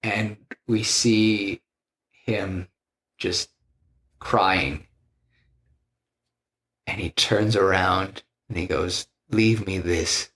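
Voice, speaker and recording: A man's voice: sits low, fairly even intonation, very slow, long pauses, fairly bright tone. A man on a podcast, telling a film scene by scene in a loose, rambling way and acting out the lines he quotes. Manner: loose, rambling with restarts and "you know". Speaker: podcast co-host pitching a film. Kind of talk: casual storytelling chat.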